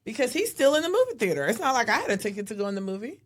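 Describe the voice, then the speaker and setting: A woman in her thirties co-hosts a casual podcast, telling stories with lots of animation. She jumps into a higher voice to act out what people said. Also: racing. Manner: animated storyteller, acts out quotes in a high voice. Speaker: podcast co-host. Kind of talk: casual chat.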